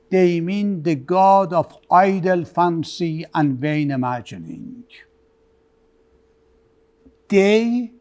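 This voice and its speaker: A man giving a religious lecture, telling stories with quoted back-and-forth dialogue. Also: sits high. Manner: animated storytelling with quoted dialogue.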